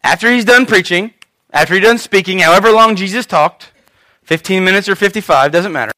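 High-voiced, bright male preacher. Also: brisk. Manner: animated, conversational storytelling. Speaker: pastor. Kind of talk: sermon.

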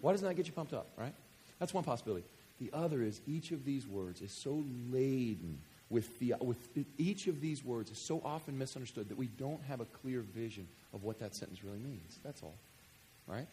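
A man from West Kentucky preaching a sermon, joking with the congregation and swinging from quiet scripture reading to loud excitement. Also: mid-range voice, fairly quick, slight background noise. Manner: animated, jokey, swings between quiet reading and loud enthusiasm. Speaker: pastor.

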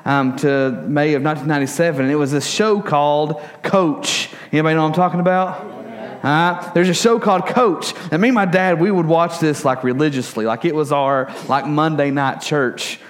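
A man's voice: fairly high pitch, moderate pace. A young adult man preaching a casual sermon, telling stories with jokes and lots of fillers. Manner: casual, joking, animated storytelling with many fillers. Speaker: pastor.

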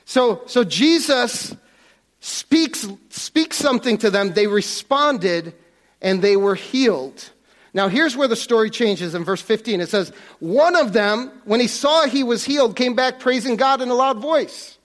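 A man's voice: very high voice, expressive, measured pace. A man preaching a casual, conversational sermon to a congregation in a church, often restarting and repeating words.

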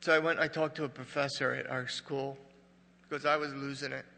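An older male pastor delivers a heartfelt sermon. His voice is bright and gravelly with a slightly raised pitch. It carries through a long church reverb, moving from forceful emphasis to quiet confession. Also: little pitch movement, brisk, a little hiss or hum. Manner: emotional, rising to loud emphatic peaks, dropping low and quiet in grief. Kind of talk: sermon with personal story. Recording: reverberant hall.

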